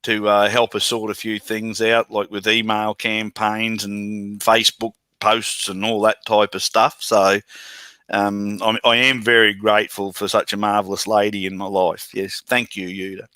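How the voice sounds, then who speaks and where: An Australian man who entertains children, chatting in an interview over a video call, self-deprecating and halting with many restarts. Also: on the low side, flat delivery, bright, forceful tone, clear, resonant tone, dry recording. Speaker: children's entertainer and bush poet.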